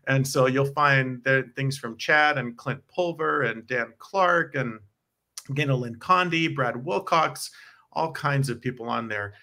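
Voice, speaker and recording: A chatty American man with a bright, forward voice, talking in an easy, explanatory way and laughing now and then. He sounds like a co-host in a relaxed conversation from home. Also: mid-range voice, unhurried. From United States. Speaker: podcast co-host. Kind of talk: casual chat about church talks. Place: home in Provo, Utah.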